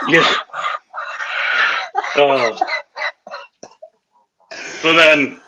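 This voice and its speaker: A podcast host with a mid-range, sharp-toned voice talks at normal speed over poor audio with slight background noise. He tells profane, rowdy anecdotes in casual chat, laughing right through them.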